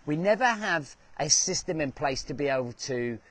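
Earnest male host, a touch high-pitched, motivational delivery that leans on repetition. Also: animated, normal speed, a bit bright. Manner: earnest, repeats phrases for emphasis. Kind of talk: motivational talk.

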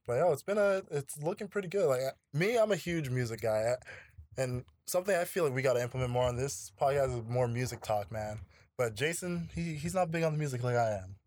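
Male podcast host, relaxed and slangy, mid-range voice, dry close mic. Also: medium pitch, a little fast, dry recording. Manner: laid-back, slangy, profane. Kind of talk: casual podcast chat.

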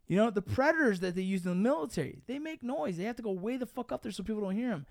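Young guy, quick, swears constantly, dude-and-bro storyteller, dry close mic. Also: high-pitched, gravelly, no room sound. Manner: profane, animated, says dude and bro. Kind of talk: casual storytelling chat.

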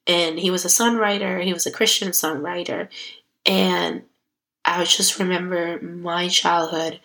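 A woman's voice: fairly low pitch, fairly even intonation, measured pace, vocal fry, sharp tone, rough recording. A young woman hosting a solo self-growth podcast, talking in a chatty, heartfelt way that turns emotional. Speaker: podcast host. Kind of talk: casual solo podcast talk.

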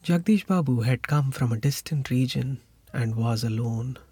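A man narrating a short story in a measured, reflective way. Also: medium pitch, warm tone, slightly rough, no echo. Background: faint music.

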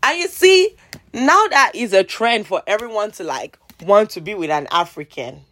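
Speaking with a Nigerian accent, an exasperated woman delivers an animated rant vlog at moderate speed. Her heated complaints mix sarcasm with repeated pleas, alternating between shouting and muttering under her breath.

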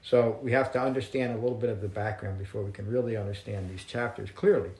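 A man teaching Buddhist texts to a small group, reading verses slowly and explaining them in a measured, reflective way. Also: on the low side, fairly even intonation, darkish tone, reverberant, poor audio. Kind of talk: dharma talk to a small group.

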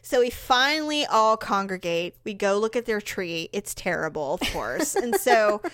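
A woman's voice: mid-range voice, normal speed, dry recording, studio quality. A middle-aged woman telling a long family story in casual chat, acting out quoted voices. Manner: animated, acts out quoted voices with big jumps up.

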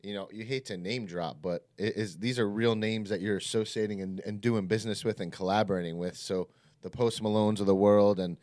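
A man hosting a casual interview, chatty and quick, repeating his phrases as he goes. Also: on the low side, fairly even intonation, darkish tone. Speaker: interviewer host.

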